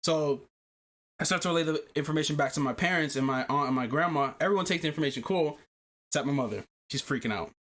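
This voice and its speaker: Animated swearing man telling a story. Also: a little high, fast talker. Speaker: podcast host. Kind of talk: casual podcast chat.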